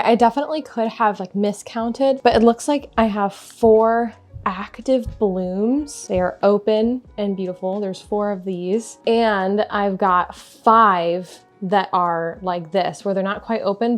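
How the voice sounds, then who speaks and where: A woman's voice: mid-range voice, darkish tone. Rambling, gushing young woman vlogger. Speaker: plant vlogger. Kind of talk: casual chatty vlog.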